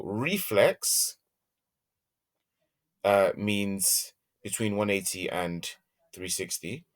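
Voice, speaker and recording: A man teaching a maths lesson, working through examples step by step and thinking aloud as he goes, humming softly while he draws graphs. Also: deep voice.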